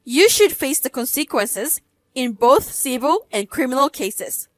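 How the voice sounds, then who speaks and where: A woman's voice: high-pitched, big pitch swings, a little slow, dry recording. A woman in her thirties narrating her own story in a cold, cutting, matter-of-fact way. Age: 30s. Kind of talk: first-person story narration.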